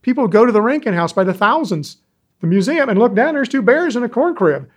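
A man in his sixties, an animal rescuer telling stories in an interview, animated and folksy. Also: very high voice, fairly quick. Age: 60s. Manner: animated, folksy storyteller, acts out quoted callers. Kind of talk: interview talk, storytelling.

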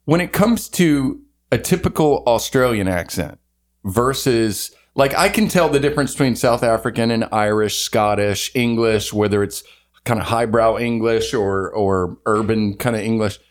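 A man co-hosting a podcast, joking and rambling in casual banter. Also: lowish voice. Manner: jokey, rambling, quick to laugh. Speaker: podcast co-host.

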